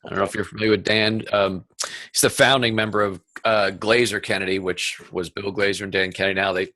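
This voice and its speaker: A man as an interview guest, talking in a conversational, animated way with quick asides and stories. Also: fairly low pitch, dry recording. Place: home office.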